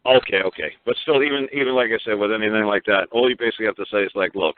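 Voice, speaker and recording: A Brooklyn, New York man hosts a call-in radio show, his lowish voice rattling along at rapid-fire speed. He rants in a rambling, profane way and keeps repeating himself, all over tinny phone-line radio audio.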